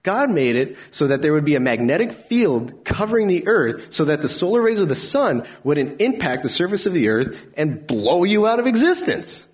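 A man preaching a sermon, animated, swinging from loud emphatic lines to soft near-whispers. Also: on the high side, moderate pace, hardly any pauses, husky.

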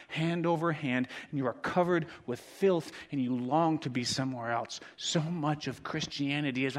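A man preaching a sermon as pastor, swinging from quiet, intimate lines to loud, dramatic ones. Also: fairly high pitch, normal speed, few pauses. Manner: dramatic swings from hushed to shouting. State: out of breath.

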